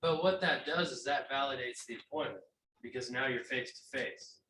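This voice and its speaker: Man chiming in from across an echoey room, bright voice, faint room hum. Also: mid-range voice, moderate pace. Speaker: class participant. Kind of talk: comment from the audience. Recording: echoey room, far from the mic.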